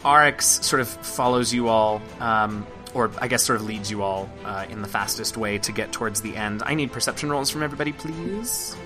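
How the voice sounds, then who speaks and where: A man's voice: lowish voice, a little fast, hardly any pauses, music in the background. A man narrating a tabletop game as game master, loose and chuckling, with lots of fillers.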